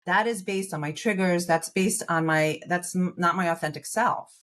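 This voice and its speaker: Lower-pitched woman coaching with emphatic warmth. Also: moderate pace. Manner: warm, encouraging, emphatic with fillers. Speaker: podcast guest, therapist. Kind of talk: coaching conversation.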